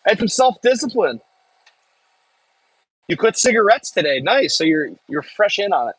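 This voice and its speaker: Easygoing Midwestern man with a husky voice. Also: high voice, very animated, moderate pace, fairly bright tone, no room sound, poor audio. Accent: Midwestern American. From Midwest United States. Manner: easygoing, chatty, jokey asides. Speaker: farm worker live-streaming from an excavator. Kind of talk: casual live-stream chat, reading viewer comments.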